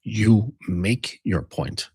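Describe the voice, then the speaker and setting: A man's voice: on the low side, expressive, very slow, a little mellow, slightly rough, dry recording, clean studio sound. A man delivering a rambling, profane monologue as a men's coach. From United States. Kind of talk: casual monologue.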